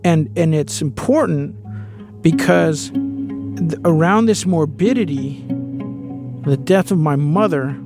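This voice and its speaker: A man with a slightly high, gravelly voice tells a personal story in a candid, conversational way, now and then swearing. Faint music sits quietly underneath. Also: slow, long pauses.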